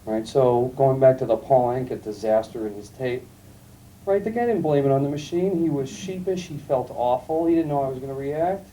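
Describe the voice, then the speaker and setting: Calm-voiced man lecturing, dark distant tape. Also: mid-range voice, normal speed. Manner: calm, storytelling, emphatic asides. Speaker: guest lecturer. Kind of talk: classroom lecture with anecdotes. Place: lecture room. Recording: distant mic, faint room noise, archival tape.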